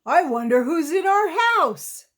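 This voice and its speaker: A woman voicing a big, indignant father bear in a storybook reading, with a loud bellowing delivery. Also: high voice, lively intonation, takes it slowly, heavily acted.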